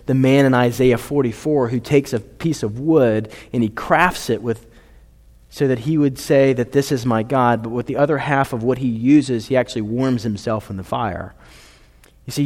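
Male pastor, mid-pitched, earnest sermon delivery with soft drops, long hall reverb. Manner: earnest, building to emphatic peaks then dropping soft.

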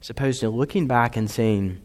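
A man preaching a sermon as a pastor, earnest, rising to emphatic points and dropping to soft, quiet lines. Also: medium pitch, moderate pace. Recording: long reverb of a hall.

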